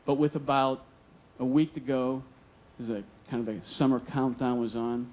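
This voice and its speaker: A man's voice: mid-range voice, level tone, moderate pace, a little mellow. A man telling a personal story live on stage, earnest and vivid, acting out the dialogue. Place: stage at a museum storytelling event.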